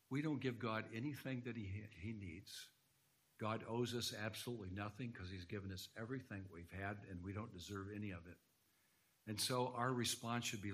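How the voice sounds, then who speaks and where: A man's voice: lowish voice, moderate pace, fairly bright tone. A man preaching an earnest sermon in a church, quoting scripture and rising to emphatic points. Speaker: guest preacher. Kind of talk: sermon lecture.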